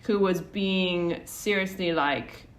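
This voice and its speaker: Woman podcast co-host, lower register, rambling storyteller full of fillers and restarts. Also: takes it slowly. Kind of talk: casual conversational storytelling.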